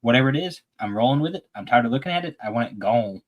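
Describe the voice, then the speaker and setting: A man, co-hosting a casual live-stream sale in a relaxed, joking way. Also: mid-range voice, quick pace, dull audio. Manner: relaxed, laughs at own remarks. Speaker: co-host seller.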